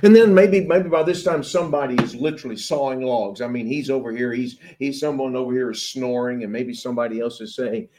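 A man's voice: medium pitch, fairly quick, few pauses. Preacher man telling a Bible story. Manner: acts out the disciples' voices, swings between loud and hushed. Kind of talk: sermon.

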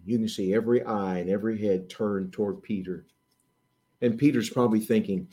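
A middle-aged man preaching a sermon, acting out the disciples' voices and swinging between loud emphasis and hushed asides. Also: fairly low pitch, fairly even intonation, normal speed.

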